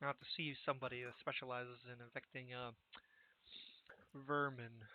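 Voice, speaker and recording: A man voicing a proud, gruff ship captain who guards his reputation, speaking stiffly and formally with rough folksy slips. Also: mid-range voice, little pitch movement, normal speed, voice pushed down, lightly acted. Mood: stern. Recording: tinny, dry voice-call audio.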